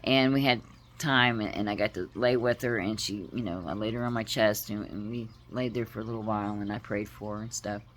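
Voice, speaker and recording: Low-voiced woman telling a heartfelt story. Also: steady tone, slight background noise. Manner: heartfelt, halting, with frequent pauses and restarts. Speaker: vlogger. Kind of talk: personal storytelling to camera.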